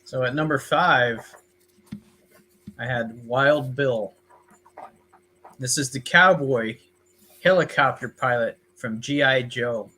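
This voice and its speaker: Man, relaxed co-host, dry jokes, slow bright delivery. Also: medium pitch. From Texas. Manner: laid-back, dry joking. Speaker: podcast co-host. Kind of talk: casual chat.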